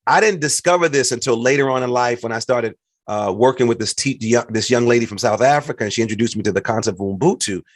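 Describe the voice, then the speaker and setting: A middle-aged man from the United States hosting a podcast, talking in a lively way and acting out what others said. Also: medium pitch, fast talker, dry recording, studio quality. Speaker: podcast host. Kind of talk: casual conversation.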